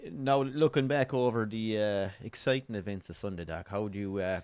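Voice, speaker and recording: A man's voice: lowish voice, moderate pace, a little mellow, clean tone. An Irish man talks through a football match from a bar. He is easygoing and swears casually. He breaks off to react to corners and chances. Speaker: co-host. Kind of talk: casual pub chat and football commentary. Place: bar during a live match.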